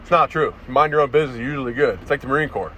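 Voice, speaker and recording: A man's voice: medium pitch, rapid-fire, bright, forceful tone. A young man hosting a comedy podcast, ranting crudely outdoors and saying "dude" constantly into a phone held to his face. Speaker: podcast host. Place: outdoors in a town, near parked cars. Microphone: phone held close to the face. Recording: phone recording outdoors with faint street noise.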